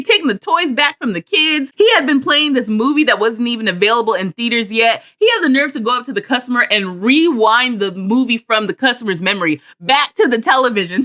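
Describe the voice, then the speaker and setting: A woman giving a casual voice-over, her pitch bouncing all over as she retells a story with emphatic, slangy flair. Her voice sits fairly high and sounds bright and sharp. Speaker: Sims builder and vlogger.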